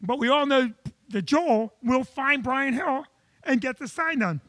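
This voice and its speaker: A male comedian hosting a live show from a comedy club, telling stories in an animated, chatty way. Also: very high-pitched, unhurried, no room sound.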